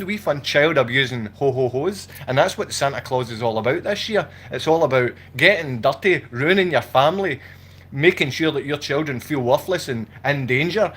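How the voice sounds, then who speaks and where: A man's voice: medium pitch, a bit bright, slightly rough. A man at home, speaking in an impassioned, agitated livestream monologue and repeating himself as he rants. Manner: agitated, repetitive, ranting. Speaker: vlogger. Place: at home indoors.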